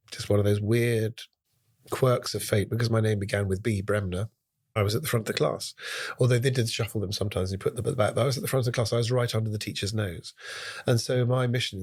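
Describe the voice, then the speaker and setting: Husky man in his sixties. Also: on the low side. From Scotland. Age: 60s. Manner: animated anecdotes, drifting into quick bursts. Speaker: guest, impressionist. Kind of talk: relaxed storytelling interview chat.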